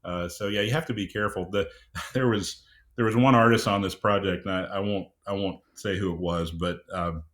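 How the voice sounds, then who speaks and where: A middle-aged man speaking as an audiobook producer and guest, talking in a measured, unhurried way with frequent "uh"s and restarts. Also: low-pitched, fairly even intonation, fairly bright tone. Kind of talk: casual interview chat.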